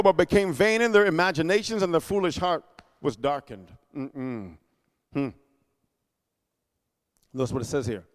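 Male preacher, lively and loud at times, high pitched, big reverb like a church hall. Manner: animated, call-and-response exclamations, shouting peaks. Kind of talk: sermon.

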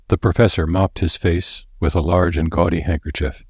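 A man narrating a story in a measured, steady way. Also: low-pitched, husky, no room sound, studio quality. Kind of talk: scripted narration.

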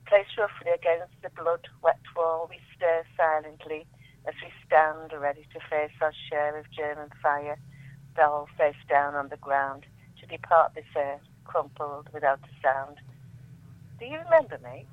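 A woman guest reading her own poetry aloud in a measured, dramatic way, often dropping almost to a whisper. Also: deep voice, no room sound. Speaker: guest poet. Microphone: telephone. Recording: tinny phone line.

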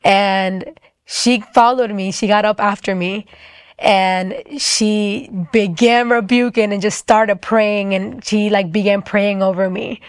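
A young woman telling a personal testimony story in a fast, chatty way, full of "like" fillers. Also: medium pitch, fairly even intonation, clear, resonant tone, dry recording, studio quality.

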